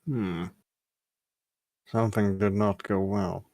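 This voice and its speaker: A man's voice: lowish voice, steady tone, takes it slowly, a little mellow, no echo, studio quality. A man in a tabletop game talking in character, casual and curious, asking questions. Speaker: player. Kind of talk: in-character tabletop role-play.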